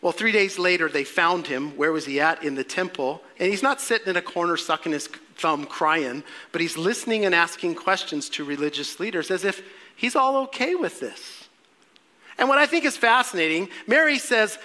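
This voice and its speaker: A man preaching a sermon, telling stories with energy and dropping to hushed voices when acting out what people might say. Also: high voice, moderate pace. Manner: lively storytelling, acting out voices of mothers in hushed tones. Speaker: pastor.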